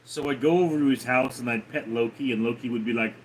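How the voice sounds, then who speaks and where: A man's voice: medium pitch, fast talker, a little hiss or hum, low-quality recording. A man hosting a casual livestream, rambling offhandedly and reading chat aloud. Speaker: livestream host.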